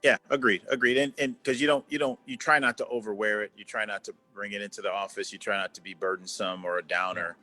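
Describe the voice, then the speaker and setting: A man's voice: fairly low pitch, steady tone, fast talker, hardly any pauses, bright, forceful tone. A man in his fifties, a former executive, talking earnestly as an interview guest and repeating words for emphasis over a video call. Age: 50s. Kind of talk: conversational interview.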